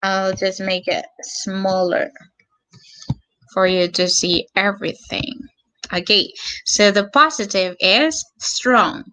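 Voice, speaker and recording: A woman teaching an online English grammar lesson, slow and patient, repeating words and spelling out endings. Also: mid-range voice, bright, forceful tone.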